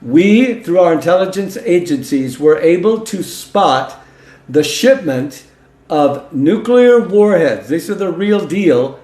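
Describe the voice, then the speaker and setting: A man's voice: sits high, lively intonation, slow, darkish tone. A male host giving a political commentary monologue in a folksy, emphatic way, reading news aloud and breaking in with his own remarks. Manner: folksy and emphatic, interjecting "okay?" and "listen to this". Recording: roomy echo.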